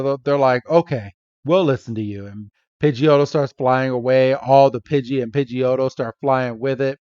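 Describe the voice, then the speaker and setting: A man's voice: mid-range voice, darkish tone, clean tone, no room sound, dull audio. A man hosting a podcast, playfully recapping an episode and acting out the characters' lines. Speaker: podcast host.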